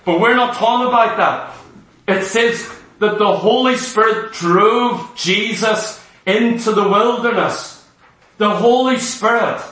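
A man with a very high, bright voice preaches a sermon, stressing his points with heavy repetition. He is picked up from some way off the mic in a very echoey hall. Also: recorded from a distance. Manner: impassioned, emphatic preaching with repetition.

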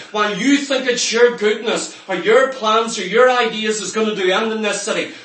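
High, bright-voiced man preaching. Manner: emphatic, storytelling, acts out quoted lines. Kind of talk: sermon. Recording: roomy echo, from far off the mic.

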